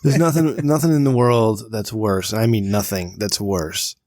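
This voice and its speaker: A man's voice: fairly low pitch, unhurried, a little mellow, no room sound. A man co-hosting a casual comedy podcast, ranting with plenty of swearing and emphasis. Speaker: podcast co-host.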